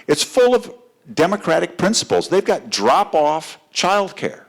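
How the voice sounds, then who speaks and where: A man's voice: high voice, sing-song, measured pace. A man running for office, speaking at a fundraiser in a conversational way, telling stories with frequent fillers. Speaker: political candidate. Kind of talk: campaign speech at a fundraiser. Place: fundraiser gathering.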